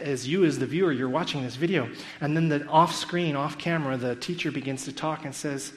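A man retelling a story in an animated talk, acting out the quotes with a sarcastic edge. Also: a little high, fairly quick. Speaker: speaker critiquing a school curriculum.

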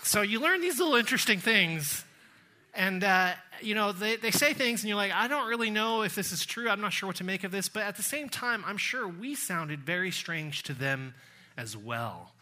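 A middle-aged man with a Texan accent delivers a sermon. His voice is high and very bright. He tells stories with quoted voices and drags out key phrases for weight. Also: animated. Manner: storytelling with quoted voices, slowing for emphasis. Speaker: pastor.

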